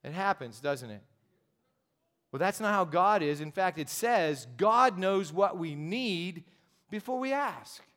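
A man's voice: high-pitched, expressive, slow, a bit bright. A pastor preaching a sermon in a direct, conversational way, driving his points home with emphatic repetition. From United States.

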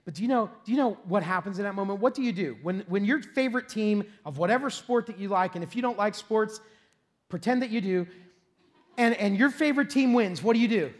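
A middle-aged man, preaching a sermon as pastor, telling a lively, self-deprecating story with frequent laughs and shouted peaks. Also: sits high, a little fast.

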